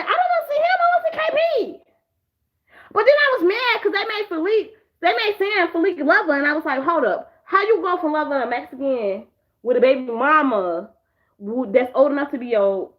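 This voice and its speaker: A tipsy young woman rambling profanely about TV shows in a casual vlog, slipping into animated impressions. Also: high voice. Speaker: vlogger. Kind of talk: casual drunk show recap. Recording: dull lo-fi home video audio.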